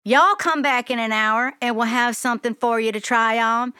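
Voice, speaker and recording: A flashy, eccentric lady bee seamstress with a thick Southern drawl, as a woman puts her on. She sounds bossy yet kindly, lifted well above a normal speaking pitch. The dry storybook reading has no room around it. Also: steady tone, normal speed, sharp tone, smooth, no room sound. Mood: sassy drawl. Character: glamorous eccentric female seamstress bee, sassy.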